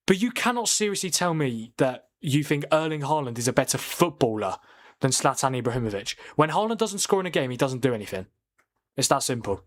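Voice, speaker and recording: Brisk and sing-song, a medium-pitched host runs a live football watchalong stream, where he casually debates and replies to what viewers write in.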